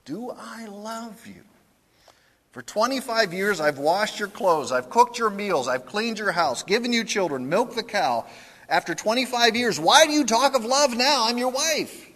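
A man imitating a weary long-married wife, using a high, scolding falsetto in a reverberant hall. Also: expressive, moderate pace, sharp tone, heavily acted. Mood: indignant.

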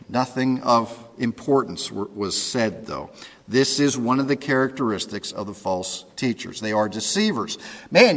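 Delivering his sermon with a sing-song lilt, this pastor speaks a little slowly in an ordinary mid-range voice with a fairly bright tone. He keeps it conversational and frequently stops to make sure listeners follow, all echoing with the long reverb of a big hall.

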